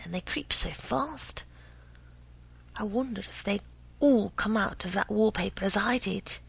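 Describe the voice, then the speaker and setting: A woman's voice: mid-range voice, gravelly, slightly rough, rough recording. A woman giving a dramatic reading of a first-person story, often sinking into an unvoiced whisper, with an unsettled, feverish delivery. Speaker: reader.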